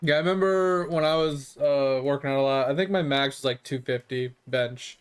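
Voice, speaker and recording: A man's voice: medium pitch, moderate pace, smooth. A man streaming a game and casually telling a long, rambling story, swearing freely and chuckling as he goes.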